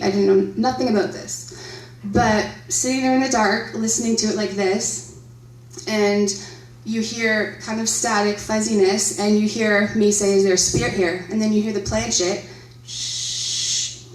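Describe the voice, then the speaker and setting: Captured in roomy, distant hall audio, a horror convention panelist from Canada, a woman in her thirties, shares a story with the audience in a convention centre. She's chatty, laughs a lot, and asks the crowd questions, her voice medium in pitch with a darkish tone.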